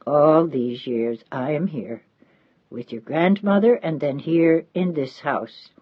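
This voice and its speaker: Old devoted housekeeper woman, read by a woman, low husky voice, insistent, dull lo-fi sound. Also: slow pace, no echo, heavily acted. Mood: pleading. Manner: pleading, insistent. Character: elderly Italian housekeeper woman, devoted and motherly.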